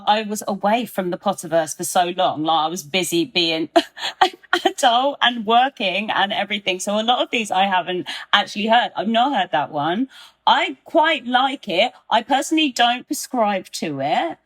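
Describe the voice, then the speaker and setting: A woman in her twenties, chatting as a podcast guest, talkative and quick to laugh. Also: mid-range voice, animated. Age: 20s. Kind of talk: casual chat.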